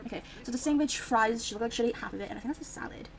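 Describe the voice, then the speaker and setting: A woman's voice: on the high side, very fast, creaky, crowd noise, poor audio. Chatty young woman narrating her Sims game. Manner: chatty, reacts aloud to the game, frequent fillers. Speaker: Sims gameplay streamer. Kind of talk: casual gameplay commentary.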